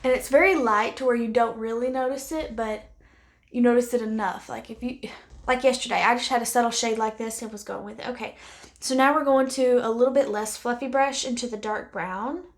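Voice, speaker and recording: A woman vlogs a casual makeup try-on, talking candidly to the camera and thinking aloud as she applies it. Her voice sits on the high side with a steady tone and a fairly quick pace, and now and then she drops to near-whispers.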